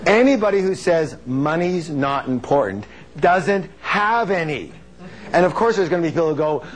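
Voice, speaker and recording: A man's voice: fairly high pitch, lively intonation, moderate pace. A man giving a live motivational seminar, emphatic and joking, quizzing the audience and having them repeat phrases back. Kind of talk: live seminar lecture with call-and-response.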